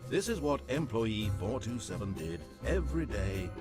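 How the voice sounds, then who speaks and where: A man voicing a composed male narrator who tells a quiet office tale in measured, precise storybook narration. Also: fairly low pitch, big pitch swings. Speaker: game narrator. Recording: narration over game music.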